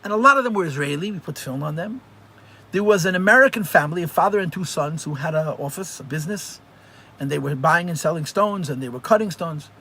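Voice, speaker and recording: Forceful, husky-voiced rabbi telling stories. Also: male voice, fairly high pitch, quick pace. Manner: animated storyteller who repeats phrases for emphasis. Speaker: rabbi teaching a class. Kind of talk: live religious class with storytelling.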